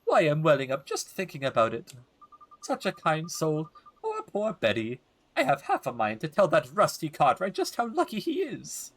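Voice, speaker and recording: A man's voice: fairly high pitch, wildly swooping pitch, normal speed, dry recording, voice pushed up, full character voice. A man voicing a nosy, chatty older housewife who gossips about the neighbors in a fussing, sugary way. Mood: gushing.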